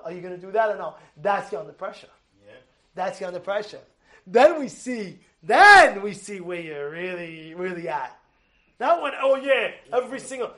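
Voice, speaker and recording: A man giving an animated sermon as a rabbi, acting out shouts and quotes with many restarts. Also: sits high, a little fast. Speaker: rabbi giving a weekly Torah talk.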